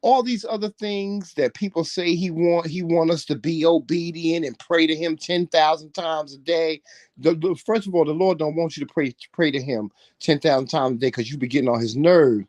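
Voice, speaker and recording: A man's voice: a little high, fairly even intonation, moderate pace, darkish tone, no room sound. A man in casual chat, talking animatedly in a preachy way and swearing freely. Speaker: co-host.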